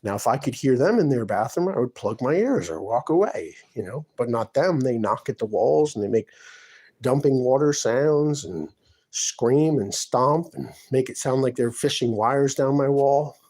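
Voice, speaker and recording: Here a vlogger vents at length from his apartment, drifting between complaints in an aggrieved, upset personal monologue. The voice is mid-range and a little mellow, animated in delivery at a moderate pace.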